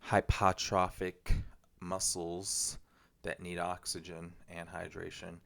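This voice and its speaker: A man's voice: deep voice, smooth. A man hosting a solo podcast, talking in a rambling, reflective way with frequent fillers. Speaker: podcast host. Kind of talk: casual solo podcast monologue.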